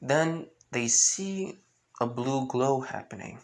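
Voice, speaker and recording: A man's voice: medium pitch, lively intonation, slow. A man improvising fan-fiction narration, rambling, with many restarts. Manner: rambling, full of restarts and with-clauses. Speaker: fan storyteller.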